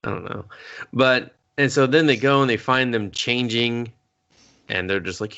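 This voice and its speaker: A man co-hosting a casual movie review chat, often mimicking characters in high, exaggerated voices. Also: fairly even intonation, a little slow, pushed and bright, clean tone. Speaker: co-host. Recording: dull lo-fi audio.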